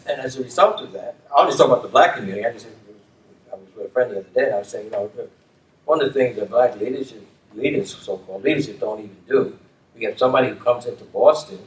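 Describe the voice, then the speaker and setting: An older man and former dean talking reflectively, restating his points with emphasis and often checking in with "okay?". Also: mid-range voice. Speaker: community leader and former dean. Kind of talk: reflective conversation. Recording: roomy, distant mic with faint room noise.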